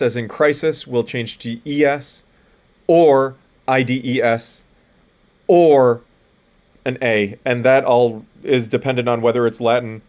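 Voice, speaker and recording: A college lecturer with a mid-range voice gives a recorded lecture, explaining things plainly and spelling out letters. He uses frequent fillers and restarts.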